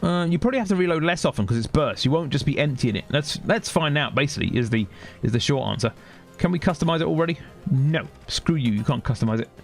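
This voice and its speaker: A man's voice: fairly high pitch, lively intonation, fast, vocal fry, few pauses, faint music behind. A man commenting casually on his gameplay as a streamer, chatty and sarcastic as he thinks aloud. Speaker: gaming streamer.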